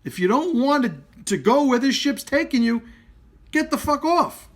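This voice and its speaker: Animated, profane martial arts instructor. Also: male voice, very high-pitched, moderate pace. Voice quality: emphatic, swears freely. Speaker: martial arts school owner. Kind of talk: blunt, profane direct-to-camera rant. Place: live video stream.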